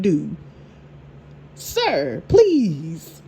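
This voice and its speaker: A woman's voice: on the high side, measured pace, noisy background. Sassy woman recapping a TV episode. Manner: sassy, animated retelling with acted quotes. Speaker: TV show reviewer. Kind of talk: casual recap chat.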